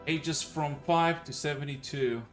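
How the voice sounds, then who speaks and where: A man's voice: a little high, fairly even intonation, measured pace, music in the background, lightly acted. A man playing a composed halfling druid teacher.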